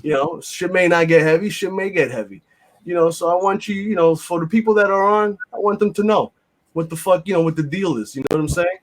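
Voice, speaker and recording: A man's voice: high voice, brisk. A man, hosting a casual podcast chat in a blunt, rambling, profane way with lots of fillers. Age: 50s. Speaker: podcast host.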